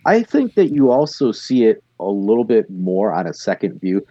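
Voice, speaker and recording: A man co-hosting a podcast, talking casually about a TV episode in a relaxed, enthusiastic way. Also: on the low side, normal speed, husky, dry recording, highs cut off. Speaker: podcast co-host. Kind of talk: casual chat reviewing an episode.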